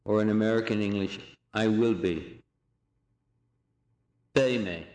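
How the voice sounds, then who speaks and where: A man teaches a recorded language lesson, pronouncing each phrase slowly and deliberately before repeating it. His voice sits fairly low. The room around him sounds echoey. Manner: slow, deliberate drilling of phrases with repetition.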